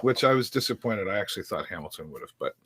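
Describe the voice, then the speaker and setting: Guy hosting a live stream, lowish voice, rambly with lots of ums, dry close sound. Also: lively intonation, very fast, a bit bright, breathy edge, no room sound. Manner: rambling, many fillers and restarts. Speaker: live-stream host and sports commentator. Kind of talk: casual chat.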